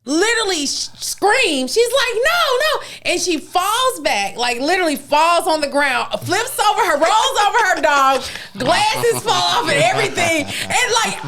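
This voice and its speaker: A woman hosting a podcast, telling a story in casual chat, animated and profane, often breaking into laughter. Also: very high voice, measured pace, over a noisy crowd. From US Midwest. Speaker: podcast host.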